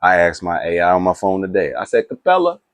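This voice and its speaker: A man chatting casually to camera about movies, rambling with restarts and asides and getting excited. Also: sits low, quick pace, smooth, no room sound. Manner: animated and excitable. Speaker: movie reaction YouTuber.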